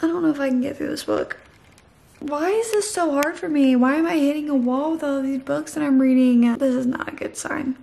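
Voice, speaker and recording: A woman's voice: high-pitched, brisk, creaky, dark tone, slight background noise. A tired young woman chatting casually in a late-night book vlog, rambling with lots of "like" and "literally". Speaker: book vlogger.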